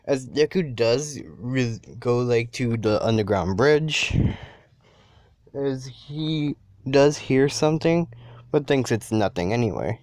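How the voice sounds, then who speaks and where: A man's voice: mid-range voice, expressive, slow, darkish tone, dry recording. A man narrating an improvised fan story, rambling with many restarts.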